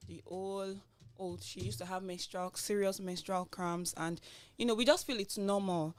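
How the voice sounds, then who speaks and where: A woman's voice: mid-range voice, steady tone, moderate pace. A woman co-hosting a radio talk show, telling a story in a chatty way full of fillers. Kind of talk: casual panel discussion.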